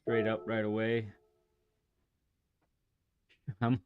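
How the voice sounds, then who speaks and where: A man's voice: mid-range voice, unhurried, lo-fi sound. A man streaming a racing game, chatting casually and enthusiastically, rambling with many restarts and laughs. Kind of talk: casual livestream chat while playing a racing game.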